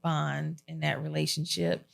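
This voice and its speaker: A woman's voice: sits low, unhurried, vocal fry. A woman hosting a podcast in a casual sit-down chat, telling stories and acting out quotes with frequent laughter. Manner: lively storyteller who acts out quotes and laughs often. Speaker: podcast host.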